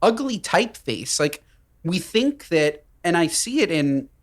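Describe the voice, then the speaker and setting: A man's voice: fairly high pitch, sing-song, measured pace. A man co-hosting a chat podcast, giving listener advice in a teasing, wry way with emphatic repetition. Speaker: podcast co-host. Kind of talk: casual banter giving advice.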